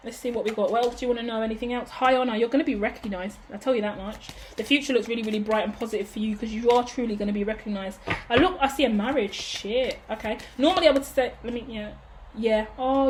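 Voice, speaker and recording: A woman's voice: fairly high pitch, a little hiss or hum. Chatty woman reading tarot. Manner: chatty, swears freely, rambling asides. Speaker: tarot reader. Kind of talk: casual tarot reading monologue.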